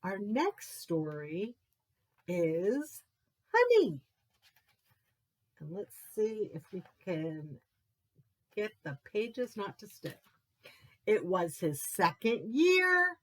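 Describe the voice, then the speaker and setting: Expressive librarian reading aloud, lively pitch. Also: female voice, takes it slowly. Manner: expressive read-aloud delivery with character voices. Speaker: children's librarian. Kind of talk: reading a picture book aloud for story time.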